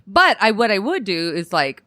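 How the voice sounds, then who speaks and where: A woman's voice: medium pitch, big pitch swings, moderate pace, bright, forceful tone, no room sound, clean studio sound. A woman comedian, a podcast guest, telling blunt, profane stories and laughing often in casual chat.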